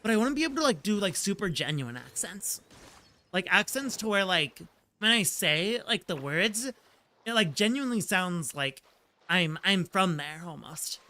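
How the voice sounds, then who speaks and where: Bright-voiced, rambling male streamer. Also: high voice, very animated, normal speed. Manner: rambling, full of "like" fillers, laughs easily. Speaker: streamer and voice actor. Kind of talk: casual gaming stream chat. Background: faint game music.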